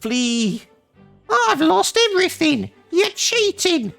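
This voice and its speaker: A man's voice: extremely high pitch, big pitch swings, slow pace, gravelly, fairly bright tone, soft background music, voice pushed up, full character voice. A man voicing a fussy older noblewoman in a game, squealing and theatrical. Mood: indignant.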